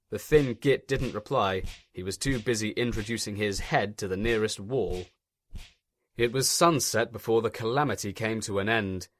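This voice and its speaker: A man's voice: fairly low pitch, fairly bright tone, dry recording, studio quality. A man giving scripted narration of a comic story in a wry storytelling manner.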